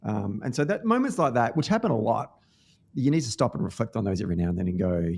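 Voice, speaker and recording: Australian male podcast host, low-ish register, earnest anecdotal delivery with fillers and restarts. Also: very animated, fast talker, darkish tone, husky. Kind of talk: casual podcast conversation.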